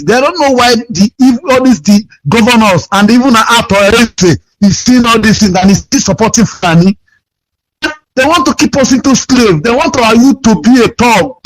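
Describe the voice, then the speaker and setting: A Nigerian man calling in to a radio show, complaining in an aggrieved, repetitive, pleading way over a phone line. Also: very high voice. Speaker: caller.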